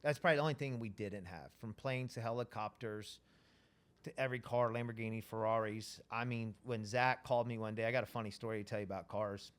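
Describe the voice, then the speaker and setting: A man telling a wild story as an interview guest, animated and profane, rambling casually. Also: fairly low pitch, fast talker.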